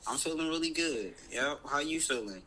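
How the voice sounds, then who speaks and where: A man's voice: on the high side, lively intonation, normal speed, bright, forceful tone, a little hiss or hum, rough recording. A man co-hosting a casual podcast, playful and teasing, swearing freely. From United States. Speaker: podcast co-host.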